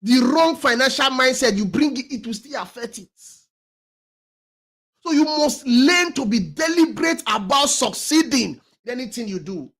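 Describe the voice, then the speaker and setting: Emphatic high-voiced man giving motivational talk. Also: lively intonation, moderate pace, breathy edge. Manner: emphatic, repeats key phrases, many restarts; swings between loud stresses and quiet trailing words. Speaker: talk show host.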